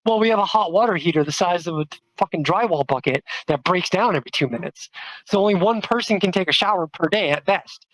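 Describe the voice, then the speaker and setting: A trans woman, telling a personal story in a casual, chatty way, full of "like" fillers, with quotes acted out in a higher voice. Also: no room sound, rough recording. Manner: chatty, many "like" fillers, acts out quotes with jumps in pitch. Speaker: storyteller, activist.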